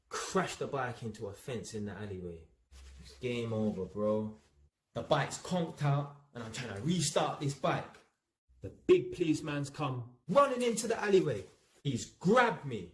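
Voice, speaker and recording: A man's voice: mid-range voice, very animated, moderate pace, roomy sound. A man vlogging, telling a personal story in casual slang and acting out sound effects. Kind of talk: storytelling monologue.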